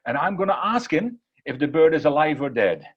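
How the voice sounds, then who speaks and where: A man's voice: a little high, big pitch swings, brisk, lo-fi sound. Man telling it as an eager young boy with a plan. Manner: eager, plotting. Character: excited scheming young boy.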